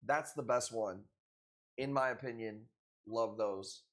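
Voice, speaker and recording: A man's voice: medium pitch, takes it slowly. A man hosting a live coral sale stream, chatting casually with viewers in a loose, profane, joking way. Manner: loose, profane, joking banter with frequent laughs.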